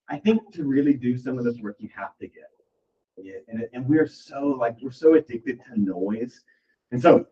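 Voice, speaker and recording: A man leading a real estate team meeting, talking casually and rambling with lots of "like" as he encourages his team. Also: medium pitch. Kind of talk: motivational talk at a team meeting. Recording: distant, dull lo-fi room recording.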